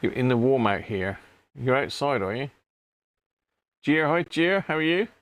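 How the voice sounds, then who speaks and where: A man's voice: mid-range voice, lively intonation, measured pace, dry recording. A man hosting a casual live stream from his home workshop, chatting with viewers and greeting them one by one by name.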